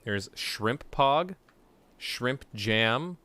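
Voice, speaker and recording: A young adult man streaming a game, chatting playfully with his viewers and breaking into sudden loud shouts. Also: mid-range voice, expressive, drawn-out words. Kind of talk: casual live-stream chat.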